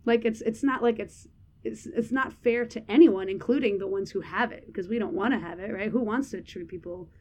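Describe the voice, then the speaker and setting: Laughing often, this young woman co-hosting a podcast chats candidly and loosely, her speech packed with "like"s and other fillers. She talks a little fast, with a fairly high, slightly mellow voice.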